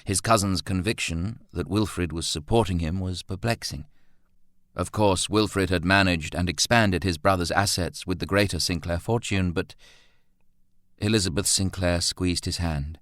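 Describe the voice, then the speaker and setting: Deep-voiced man narrating a story. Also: normal speed, fairly bright tone, no room sound, clean studio sound. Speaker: audiobook narrator. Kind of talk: scripted narration.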